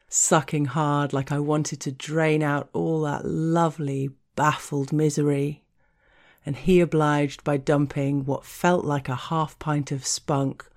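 Low-voiced woman, slow, frank and teasing storyteller for adult audio. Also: darkish tone. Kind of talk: explicit first-person story narration.

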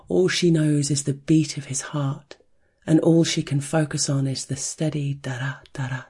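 A narrator reading an erotic story in a soft, hushed way, chanting a steady heartbeat rhythm. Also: medium pitch, breathy edge.

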